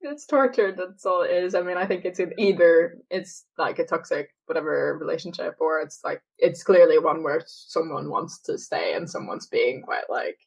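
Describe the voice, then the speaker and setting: A woman's voice: low voice, normal speed, gravelly, hardly any pauses, breathy edge, rough recording. A woman co-hosting a podcast, chatting casually about song lyrics. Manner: chatty, paraphrases lyrics with dramatic read-outs. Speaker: podcast co-host.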